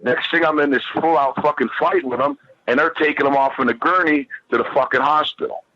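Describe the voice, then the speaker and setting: A man's voice: fairly high pitch, brisk, bright, forceful tone, no room sound, highs cut off. A man who is a guest on a podcast, telling a rambling, heated, profane story and repeating himself as he goes.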